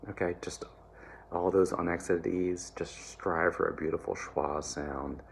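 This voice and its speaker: A man teaching German pronunciation to singers, relaxed and encouraging, often checking in with "all right?" and slowly modeling words. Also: deep voice, creaky, a little hiss or hum. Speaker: choir diction coach. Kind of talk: German diction lesson for singers.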